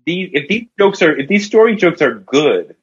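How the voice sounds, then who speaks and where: A man, a podcast guest and writer, telling long story jokes in casual talk and voicing the characters with big jumps in pitch. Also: very animated, normal speed, husky, dull audio.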